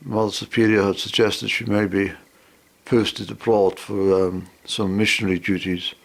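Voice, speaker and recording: Gravelly man telling a story. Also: lowish voice, level tone, normal speed. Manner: meandering storytelling, acting out both sides of the conversation. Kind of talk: rambling spoken anecdote.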